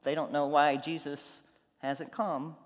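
A man preaching a sermon, telling stories, going from loud and animated to quiet and soft. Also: fairly high pitch, slow pace, in a large hall. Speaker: pastor.

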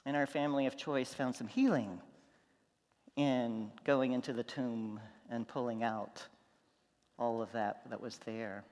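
Pastor preaching in an echoing hall. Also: male voice, mid-range voice, unhurried. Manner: storytelling, shifts from loud animated to soft. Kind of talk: sermon.

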